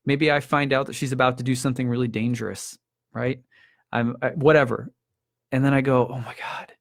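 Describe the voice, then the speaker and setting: A man's voice: medium pitch, dry recording, clean studio sound. A man, an astrologer talking casually to camera, reflective and full of rhetorical questions, often restarting his sentences. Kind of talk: casual spoken talk to camera.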